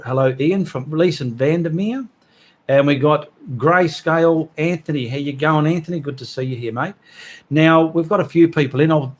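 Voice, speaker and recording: A man hosting a live art stream, chatting casually and reading out viewers' names with friendly asides. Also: mid-range voice.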